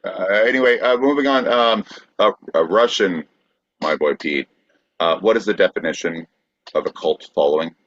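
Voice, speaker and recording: A man's voice: low-pitched, moderate pace, fairly bright tone, dry recording. A man co-hosting a podcast, teasing in casual banter over a video call. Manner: playful, teasing. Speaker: podcast co-host. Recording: dull, muffled dry sound.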